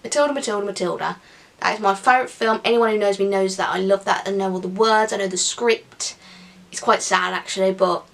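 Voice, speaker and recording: A woman's voice: medium pitch, fairly quick, creaky. A young woman chatting casually to camera in an upbeat Q&A vlog, with giggly asides. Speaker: vlogger.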